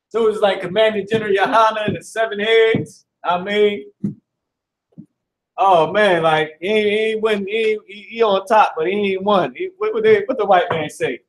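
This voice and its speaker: High-voiced man teaching a loose, slangy class. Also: fairly even intonation, normal speed, rough recording. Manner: loose, slangy, profane, repeats himself. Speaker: Hebrew class instructor.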